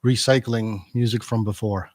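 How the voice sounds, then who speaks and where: A man's voice: lowish voice, steady tone, normal speed, a little mellow, no echo. Hesitant man hosting community radio. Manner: hesitant, with many fillers and restarts. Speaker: radio host.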